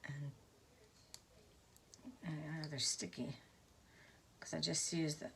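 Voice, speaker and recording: A woman hosting a casual craft tutorial, gushing over her finished pieces with soft exclamations. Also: low-pitched, steady tone, slow pace, vocal fry, a little hiss or hum.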